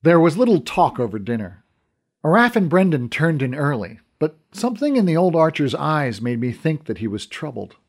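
Lively male storyteller. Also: normal speed. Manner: storytelling, with lively, expressive pitch. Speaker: author and narrator. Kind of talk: scripted audiobook narration.

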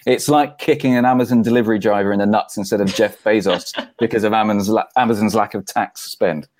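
Wry man with a low, dry voice. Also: fairly even intonation, fast talker, a little mellow, dry recording. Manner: wry, making an argued point. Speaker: podcast panelist. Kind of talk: casual football podcast chat.

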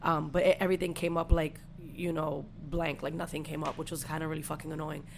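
Deep, creaky, and fast, this young adult woman's voice carries a podcast story told in casual talk heavy with swearing and lively delivery. There's a faint hiss or hum on the audio.

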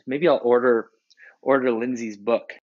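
A man tells a story on a casual podcast, rambling and often restarting his sentences. His voice sits at a middle pitch. The recording sounds a little dull and lo-fi. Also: steady tone, a little slow. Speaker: podcast co-host. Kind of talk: casual chat.

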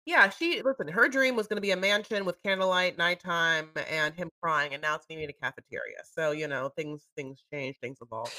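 A woman's voice: sits low, fairly quick, few pauses, sharp tone. A woman co-hosting a podcast, chatting gossipily about a reality show and acting out the people in it. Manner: chatty, gossipy, acts out quotes. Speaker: podcast co-host. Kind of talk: casual chat recapping a reality show.

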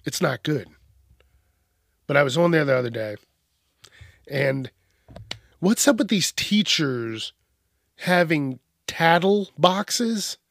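A man's voice: on the high side, expressive, slow pace, creaky, long pauses, fairly bright tone, dry recording, studio quality. A man on a podcast, ranting crudely and mockingly with lots of swearing. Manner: profane, mocking, acts out whiny voices. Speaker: podcast host. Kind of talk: crude comedic rant.

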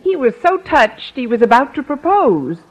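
A wisecracking, teasing schoolteacher. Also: female voice, high-pitched, sing-song, normal speed. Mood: wry. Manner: sardonic, playfully mock-tearful. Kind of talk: 1940s radio acting. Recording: old radio broadcast, studio audience laughter.

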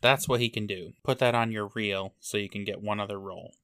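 Man, podcast co-host, casual chat, dry sarcastic remarks, lowish voice. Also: fairly even intonation, a little fast, fairly bright tone, clean tone.

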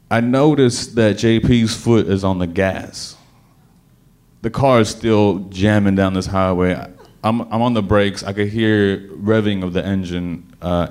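A man telling a personal story to an audience, animated and dramatic, often repeating words as he restarts. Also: deep voice.

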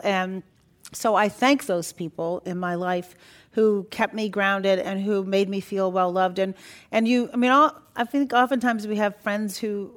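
Older lady guest chatting away, lively storyteller, laughs a lot, voice jumps all over. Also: medium pitch. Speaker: interview guest. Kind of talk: storytelling in an interview.

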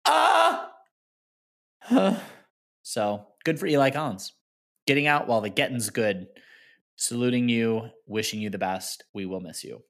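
A man's voice: medium pitch, sing-song, unhurried, gravelly, pauses often, fairly bright tone. Sarcastic ranting male podcast co-host. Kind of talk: casual sports podcast chat.

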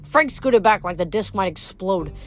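A woman reading a novel aloud chapter by chapter, in a plain steady way with small slips. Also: mid-range voice, moderate pace, soft background music. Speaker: audiobook reader.

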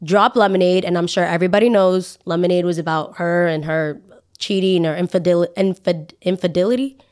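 Animated woman ranting on a podcast. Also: on the low side, fairly quick. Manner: animated, dramatic, exaggerated asides. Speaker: podcast host. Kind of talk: casual opinion monologue.

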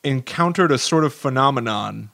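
Casting: male podcast co-host, middle pitch, loose rambling storyteller, dry booth sound. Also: expressive, moderate pace, creaky, a bit bright, dry recording. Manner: rambling, many likes and restarts. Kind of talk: casual chat.

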